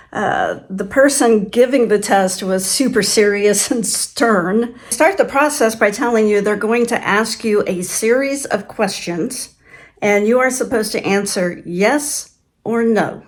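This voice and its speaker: An older woman from Kansas, telling stories in a casual vlog, chatty and laughing often as she acts out quoted voices. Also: a little high. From Kansas, USA. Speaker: channel host. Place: farm home.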